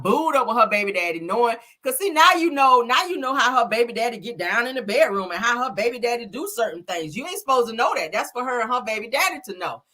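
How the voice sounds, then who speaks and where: A woman hosting a live stream, chatting casually and sassily with viewers, full of slang and laughter. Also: fairly high pitch. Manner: sassy, animated, slangy, laughs often. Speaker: live-stream gossip host. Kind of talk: casual chat reacting to viewer comments.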